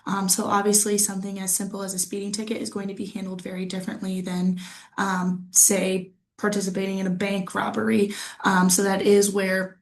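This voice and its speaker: A woman's voice: medium pitch, monotone, a little fast. A woman student reading a class presentation from notes, with frequent fillers and restarts.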